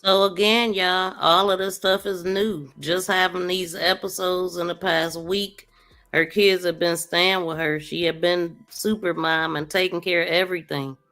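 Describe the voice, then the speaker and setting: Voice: mid-range voice, flat delivery, measured pace, bright, forceful tone. A podcast host giving casual, blunt commentary on body camera footage, speaking to the audience.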